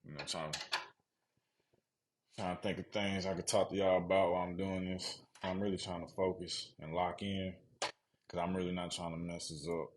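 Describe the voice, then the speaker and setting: A man's voice: low voice, level tone, normal speed, noisy background. A young man from Mississippi with a Southern accent, chatting casually with live-stream viewers in slangy talk while building a PC and reading chat aloud.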